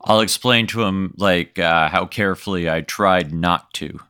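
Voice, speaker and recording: A man's voice: deep voice, a little slow, bright, forceful tone, clean tone, dry recording. A man playing in an improvised role-play game, answering with short, dry replies. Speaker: game player.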